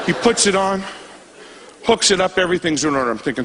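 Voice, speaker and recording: A man doing stand-up, telling a story in an animated way and acting out voices and sound effects. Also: sits high, fairly quick. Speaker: stand-up comedian.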